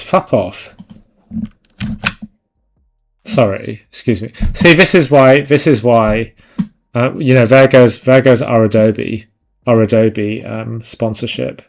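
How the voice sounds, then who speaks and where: A man talks loosely over his digital painting on a live stream, rambling and sweary with a self-mocking edge. His voice sits in a middle range with a gravelly, creaky grain. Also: medium pitch, a little slow. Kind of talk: casual live-stream chat while painting.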